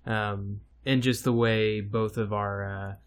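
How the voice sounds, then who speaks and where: A man co-hosting a casual podcast, speaking hesitantly with many ums and slowly searching for his words. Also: on the low side, steady tone, clear, resonant tone. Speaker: podcast co-host. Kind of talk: casual chat.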